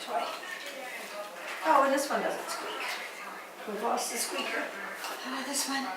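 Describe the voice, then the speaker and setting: A woman breeder talking baby talk to a litter of puppies, coaxing and sing-song, her voice swooping up as she calls them. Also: unhurried. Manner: coaxing, sing-song, pitch swooping up when calling the dogs. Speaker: dog breeder showing a litter. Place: indoors with puppies and dogs. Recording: echoey room from a distance, loud noise.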